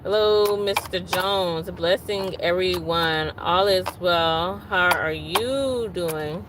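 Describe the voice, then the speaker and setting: A woman's voice: fairly low pitch, slow, noisy background. A woman hosting a casual livestream, chatting and venting while greeting viewers by name. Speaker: livestream host.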